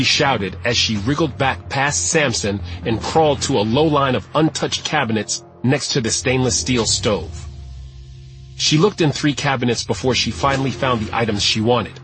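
A man narrating an audiobook in a steady, measured storytelling voice. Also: medium pitch, soft background music, rough recording. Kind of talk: scripted narration.

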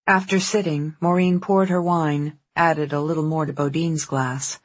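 An audiobook narrator reading a novel in an even, unhurried storytelling manner. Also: mid-range voice, no room sound. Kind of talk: scripted narration.

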